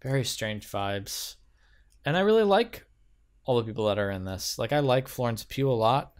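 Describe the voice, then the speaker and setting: Man, podcast co-host, casual, halting, lots of ums, mid-pitched. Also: animated, smooth. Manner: hesitant, with many ums and restarts. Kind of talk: casual chat.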